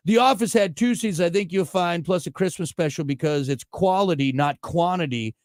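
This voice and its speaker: A man's voice: high-pitched, fairly quick, darkish tone, no room sound, clean studio sound, natural voice. A man voicing a snooty British man mocking Americans, in a put-on British accent with a haughty, clipped delivery. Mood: smug.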